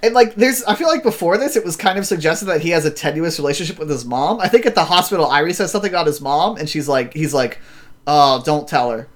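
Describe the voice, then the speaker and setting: A man's voice: a little high, animated, quick pace, few pauses. A man recapping a story in casual chat, rambling with many fillers and acting out quotes. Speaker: podcast host.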